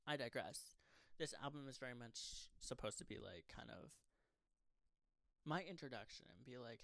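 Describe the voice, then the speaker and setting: Young guy rambling to fans about his music, swears a ton, sarcastic, mid-pitched voice, super dry close mic. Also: expressive, unhurried, gravelly, long pauses, fairly bright tone, no room sound. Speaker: pop singer-songwriter promoting an album. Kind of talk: casual unscripted monologue to fans.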